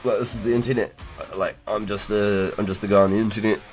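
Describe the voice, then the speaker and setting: A young man with a New Zealand accent talks to his live-stream viewers in a deep, low voice. He is laid-back and slangy and swears freely. Faint music plays quietly behind him. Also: fairly even intonation, quick pace. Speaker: game streamer. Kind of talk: casual live-stream chat.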